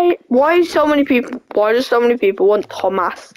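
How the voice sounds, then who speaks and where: A woman's voice: on the high side, expressive, fast, muffled recording. A woman hosting a gaming video, casually grumbling and talking back at a football game as she plays. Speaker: gaming channel host. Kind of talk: casual gameplay commentary.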